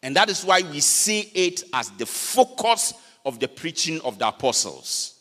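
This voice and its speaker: An older man with a Ghanaian accent preaching a sermon, swinging from loud peaks down to low, quiet phrase endings. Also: big pitch swings. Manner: preaching slowly with dramatic pitch swings, switching between English and Fante. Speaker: pastor. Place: church hall. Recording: long reverb of a church hall.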